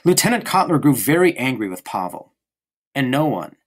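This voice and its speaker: A male audiobook narrator reads a novel with a lively, rising and falling voice at an ordinary pitch. He slows on important phrases, giving the story steady, expressive weight. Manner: expressive, varied reading with slowed emphasis. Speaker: audiobook reader.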